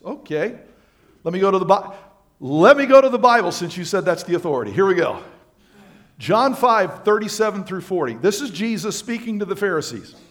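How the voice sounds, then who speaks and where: A male pastor preaching a sermon to his congregation, swinging between loud emphatic lines and quiet, low asides. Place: church sanctuary.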